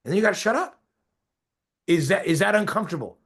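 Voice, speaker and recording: A man's voice: sits high, animated, quick pace, a bit bright, slightly rough. Emphatic man coaching a group. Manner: emphatic, asks listeners for agreement. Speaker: real estate coach.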